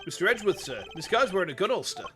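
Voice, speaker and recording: Guy doing a deep gruff game cop, says pal a lot, soft music behind. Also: very animated, racing. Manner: low, gruff, drawls "pal". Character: gruff, loyal male police detective.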